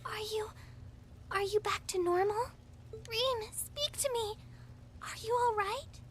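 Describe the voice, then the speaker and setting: A woman's voice: very high-pitched, takes it slowly, a little hiss or hum. A woman voicing an earnest young noble girl in a video game, emotional and devoted. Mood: pleading. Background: game music.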